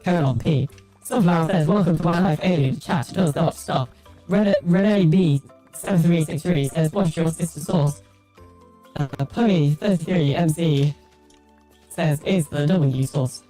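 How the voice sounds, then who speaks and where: A woman reads viewer messages aloud on a livestream. Her voice is slow, mellow and a little low. Faint music plays behind her. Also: poor audio. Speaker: chat reader. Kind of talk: reading out live chat.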